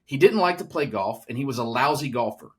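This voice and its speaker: A man's voice: mid-range voice, animated, brisk, breathy edge. A man co-hosting a podcast, recalling a story and reading an excerpt aloud in casual chat. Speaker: podcast co-host.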